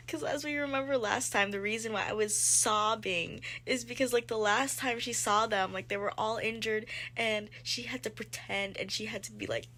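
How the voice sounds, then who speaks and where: Gushing young woman, high-pitched. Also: moderate pace, hardly any pauses. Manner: gushing, excitable, heavy use of "like". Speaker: book vlogger. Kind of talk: casual chat recapping a book.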